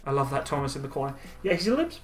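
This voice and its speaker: A young man casually reading and answering viewer chat on a live stream, relaxed and chatty with frequent ums and laughs. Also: mid-range voice, very fast, faint music behind.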